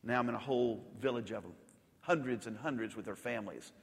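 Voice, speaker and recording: A male pastor preaching a sermon, rising to loud emphatic peaks and dropping to soft, intimate lows. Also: fast talker. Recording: long hall reverb.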